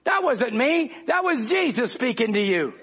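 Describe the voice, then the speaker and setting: A man's voice: very high-pitched, sing-song, normal speed, fairly bright tone, husky. A man preaching a fervent revival sermon, calling out to the congregation in rhythmic bursts. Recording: dull lo-fi old recording.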